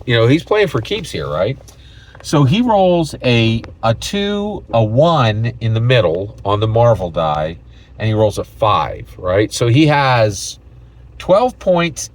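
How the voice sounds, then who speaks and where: A man with a lowish voice walks through his tabletop game session in a loose, rambling way. He keeps checking in with "right?" and "you know" as he tells it. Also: poor audio. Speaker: game master.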